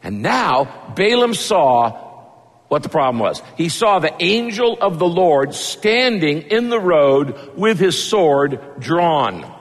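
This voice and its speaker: A man's voice: a little high, lively intonation, unhurried, big-room sound. A man preaching a conversational, emphatic sermon, retelling a story and pressing the point home. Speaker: pastor.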